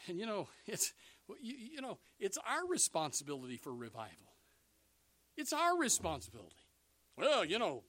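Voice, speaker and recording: A man preaching a sermon, animated, swinging between loud bursts and hushed asides. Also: sits high, normal speed, dry recording.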